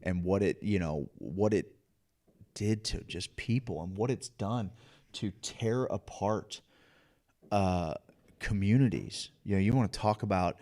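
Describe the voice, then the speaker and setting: A man's voice: low-pitched, a little slow, mellow. A man co-hosting a casual podcast, ranting passionately and emphatically, restarting his sentences as he pushes his points. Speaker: podcast co-host.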